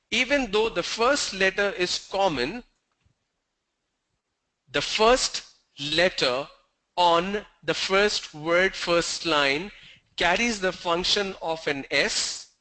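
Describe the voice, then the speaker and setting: High-voiced, slow-paced male English teacher. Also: sharp tone, low-quality recording. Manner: measured, asks the class questions and repeats key points. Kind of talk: online class lecture.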